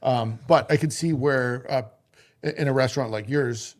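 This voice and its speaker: A man's voice: mid-range voice, moderate pace. A man hosting a podcast, a chef himself, talking loosely in casual conversation, swearing offhand and telling stories.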